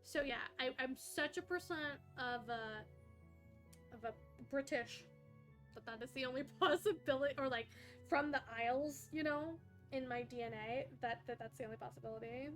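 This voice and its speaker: A woman's voice: high voice, moderate pace, a bit bright, faint music behind. A woman streamer chatting casually on a live stream, rambling, laughing often and cutting herself off mid-sentence.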